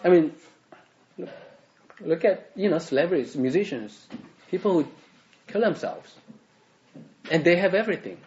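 A man's voice: high-pitched, animated, normal speed, long pauses, darkish tone. A man preaching a sermon in a conversational way, full of fillers and restarts. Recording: muffled lo-fi recording.

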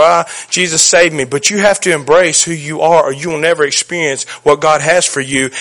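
A man preaches in a folksy, joking way, and he leans hard on his points. His voice sits high for a man and rings bright and forceful. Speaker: pastor. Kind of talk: sermon.

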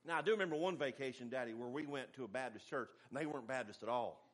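A man's voice: medium pitch, racing. A middle-aged man preaching a sermon in a folksy, emphatic way, with humorous asides. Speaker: pastor.

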